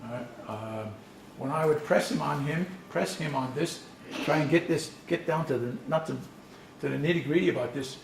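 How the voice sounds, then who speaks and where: Gravelly man teaching from far off. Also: fairly high pitch, moderate pace. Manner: conversational storytelling, frequent restarts. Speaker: language instructor. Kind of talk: workshop presentation. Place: conference session room. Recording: echoey room, distant mic, faint noise.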